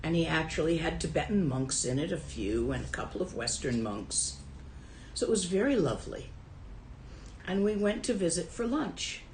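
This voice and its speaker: A woman's voice: sits low, big pitch swings, normal speed, darkish tone, roomy sound, a little hiss or hum, poor audio. A woman who teaches Buddhism and translates Tibetan, telling a story from her own life in a dharma talk in a casual, wry way.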